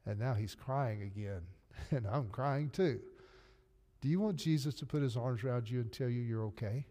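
A man's voice: medium pitch, normal speed, warm tone. A man preaching a sermon as pastor, telling an emotional story in an earnest, heartfelt way. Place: church sanctuary. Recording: long reverb of a church hall.

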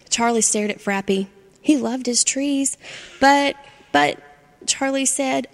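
Gravelly woman reading a children's story. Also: fairly high pitch, a little slow. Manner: expressive children's-story narration. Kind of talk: storybook read-aloud. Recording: long hall reverb.

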